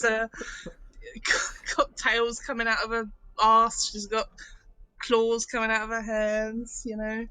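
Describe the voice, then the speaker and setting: A woman's voice: a little high, sharp tone, low-quality recording. A woman, a tabletop game player, chatting casually and giggling as she describes her character.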